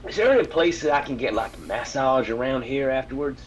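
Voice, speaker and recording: A man's voice: mid-range voice, lively intonation, fairly quick, noisy background. Playful exclaiming male player. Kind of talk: in-character roleplay.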